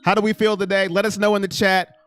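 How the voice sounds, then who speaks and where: A man's voice: sits high, flat delivery, fast talker, a crowd in the background, noisy background. A man hosting a casual live stream, talking through viewer chat in a rambling, talkative way.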